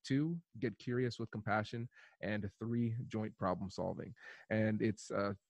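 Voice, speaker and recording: Calm low-voiced man explaining a framework. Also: unhurried, vocal fry, no echo. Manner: calm, methodical explaining with acted-out example dialogues. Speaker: guest, conflict resolution expert. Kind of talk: podcast interview.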